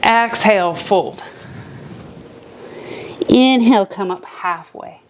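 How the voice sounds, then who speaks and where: A young adult woman leads a beginner yoga class at an unhurried, deliberate pace. She calls out each inhale and exhale with calm, step-by-step cues. Her voice sits in an ordinary middle pitch. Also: slight background noise. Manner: calm step-by-step cueing with breath counts. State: a little out of breath at times. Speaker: yoga instructor. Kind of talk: guided yoga class instruction.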